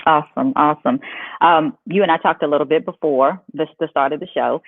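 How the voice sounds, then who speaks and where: A woman's voice: sits low, a little fast, no echo. Woman on a tinny call line. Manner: animated storytelling, acts out quotes with laughs. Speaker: podcast host. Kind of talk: casual interview chat. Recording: tinny phone-like dry audio.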